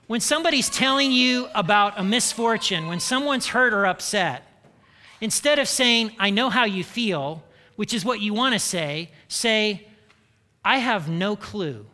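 A man's voice: high voice, bright, forceful tone, slight background noise. A man from Indiana preaching a sermon in a conversational style, often checking in with "okay?" and "right?". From Indiana, United States. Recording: long hall reverb.

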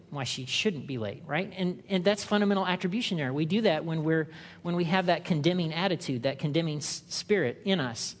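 Preacher man in a echoey church. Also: brisk. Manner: conversational, acts out quotes in loud high voices. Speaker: pastor. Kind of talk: sermon.

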